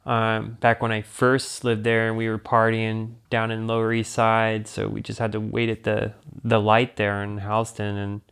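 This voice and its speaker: A man's voice: fairly low pitch, completely flat delivery, moderate pace, creaky, few pauses, fairly bright tone, smooth. A man hosting a podcast in laid-back, profane casual chat, laughing easily along with his guest. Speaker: podcast host.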